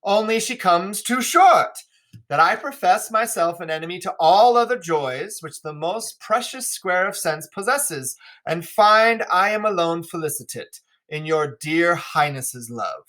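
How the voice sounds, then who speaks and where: A male teacher reading the part of a flattering, eager-to-please royal daughter, declaiming a little above his usual voice. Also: high-pitched, measured pace, heavily acted. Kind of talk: classroom play read-aloud.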